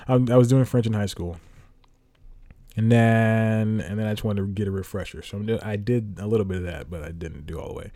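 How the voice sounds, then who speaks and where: A man's voice: on the low side, moderate pace, mellow, no echo, clean studio sound. A young man hosting a solo podcast, chatting casually and rambling, correcting himself and chuckling as he goes. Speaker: podcast host.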